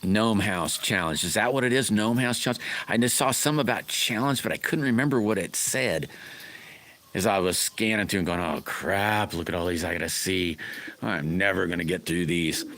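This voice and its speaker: Folksy rambling man, very low voice. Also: normal speed, a bit bright. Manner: rambling, folksy, greets chat by name. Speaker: livestream host chatting with viewers. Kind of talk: casual livestream chat.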